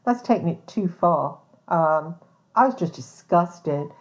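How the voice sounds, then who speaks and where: Taking her time, a woman with a lowish voice speaks in an animated way as she hosts her podcast. A private investigator by trade, she rambles bluntly with plenty of swearing, "um"s and false starts, all on dull lo-fi audio.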